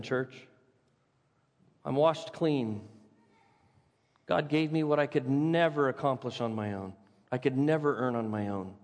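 A man preaching a sermon as pastor, rising to loud, high proclaiming and dropping to hushed, low emphasis. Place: church sanctuary. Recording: long reverb of a large hall.

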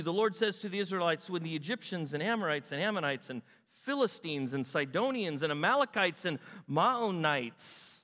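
A man preaching a sermon in an animated way, acting out God's words and asking his listeners questions. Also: on the high side, fairly quick, hardly any pauses, big-room sound. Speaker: pastor.

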